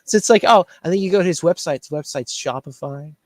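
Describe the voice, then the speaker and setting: A man's voice: quick pace, a little mellow, no room sound. A man telling a story in casual chat, ranting about a rival and mimicking him. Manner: ranting, mimics others in a higher voice. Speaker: shirt shop owner.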